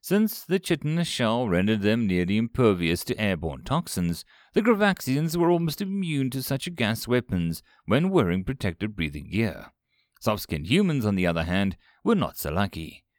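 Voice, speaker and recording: A man narrating an audiobook with a lowish voice and an animated, lively reading style. The sound is dry and close, with no room around it. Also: moderate pace, no room sound. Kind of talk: audiobook narration of science fiction.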